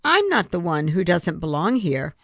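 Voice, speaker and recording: A woman's voice: on the low side, very animated, normal speed, no room sound. A woman reading aloud, voicing a jealous, teasing young girl in a raised, childlike voice. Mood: taunting.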